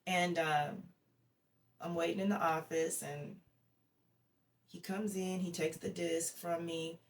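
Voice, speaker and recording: Low-voiced woman telling her story, distant mic. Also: slow pace. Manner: lively storyteller who acts out quoted dialogue. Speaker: interview guest. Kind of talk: casual personal storytelling. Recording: distant mic with faint background noise.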